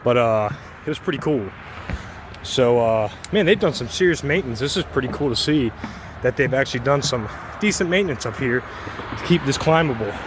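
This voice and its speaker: A man's voice: medium pitch, fairly quick. Breathless man narrating a tower climb. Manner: chatty, excited narration. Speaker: vlogger. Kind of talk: casual narration while climbing. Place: top of a tall outdoor tower. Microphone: handheld phone camera. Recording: outdoor phone recording with noise.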